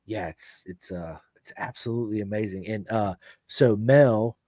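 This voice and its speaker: Podcast host, american man, loud and animated, swears a lot, dry close mic. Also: on the low side, normal speed, dry recording. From United States. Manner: loud, animated storyteller who swears freely. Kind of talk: casual storytelling chat.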